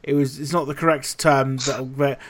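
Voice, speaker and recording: A man co-hosting a casual podcast, telling animated, sweary stories. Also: mid-range voice, moderate pace. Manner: animated storytelling, heavy swearing. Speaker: podcast co-host. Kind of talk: casual chat.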